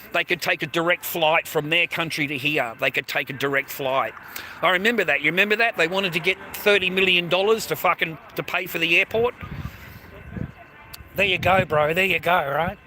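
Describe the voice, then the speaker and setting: An Australian man streams live from a train station, swearing in almost every line and talking to viewers by name. His voice sits a little high and sounds bright and sharp. A faint hum of traffic and street noise runs behind him. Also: poor audio. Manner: crude, profane, rambling, chats to viewers by name. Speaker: livestreamer. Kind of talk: rambling outdoor livestream.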